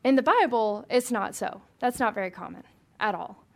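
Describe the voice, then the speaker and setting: A woman's voice: fairly high pitch, expressive, normal speed, vocal fry. A woman leading a Bible study for a small group, reading scripture aloud and chatting with questions to the room.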